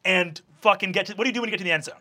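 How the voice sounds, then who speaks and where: A man's voice: sits high, very fast, pushed and bright. A man narrating loosely as game master of a tabletop game, rambling and swearing.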